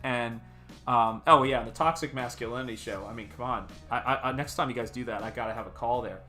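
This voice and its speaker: American male stream host, rambling and friendly, bright tone, faint music under him. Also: mid-range voice, a little fast. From United States. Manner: rambling, chatty, greets viewers in chat. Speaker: artist livestream host. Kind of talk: casual livestream chat.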